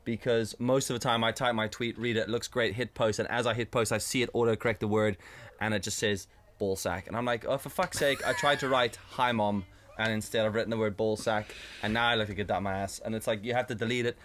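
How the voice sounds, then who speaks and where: A man's voice: on the low side, fast talker, slight background noise. A man co-hosting a casual podcast chat, swearing freely and acting out little scenes as he talks. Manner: swearing, animated storytelling with acted-out voices. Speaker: podcast co-host.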